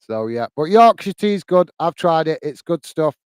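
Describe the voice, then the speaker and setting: A man's voice: a little high, very animated, moderate pace, smooth, dry recording. A man hosting a live football watch-along, chatting casually between match commentary and reading viewers' messages, with rambling self-corrections and a friendly "mate" manner.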